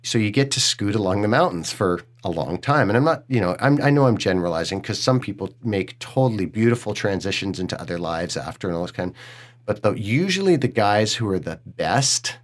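Middle-aged guy on a podcast, real low voice, swears a lot, gets emotional and earnest. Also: lively intonation, brisk. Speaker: podcast host. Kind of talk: candid podcast conversation.

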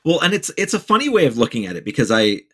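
Man, casual podcast chat, halting, mid pitch, relaxed. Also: breathy edge. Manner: halting, many fillers and restarts, relaxed. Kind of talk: casual conversation.

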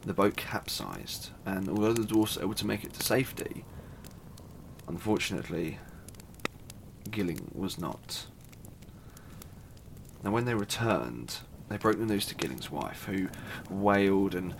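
A man's voice: fairly low pitch, lively intonation, unhurried, gravelly, background noise. A man casually retelling a myth, chatty and irreverent, with asides and the odd swear. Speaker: storyteller.

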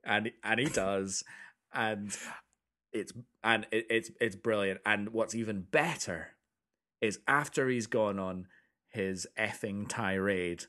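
A man's voice: fairly low pitch, takes it slowly, pushed and bright. A man co-hosting a casual film podcast, retelling scenes with dry humour and repeated words. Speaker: podcast co-host.

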